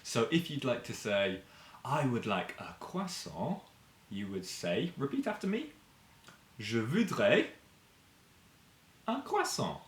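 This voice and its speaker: A male teacher speaks to beginners and children with a very lively voice that swoops up and down. He talks slowly and stretches out each word so learners can repeat after him. The room is echoey. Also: mid-range voice. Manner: slow, drawn-out repetitions for learners to copy. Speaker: French teacher.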